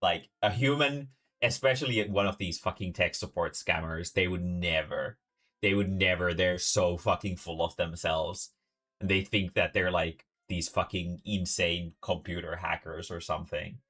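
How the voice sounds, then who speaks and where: Low, bright-toned streamer guy. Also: moderate pace. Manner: rambling, hesitant, swears a lot. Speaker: streamer reacting to a video. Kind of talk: casual reaction stream.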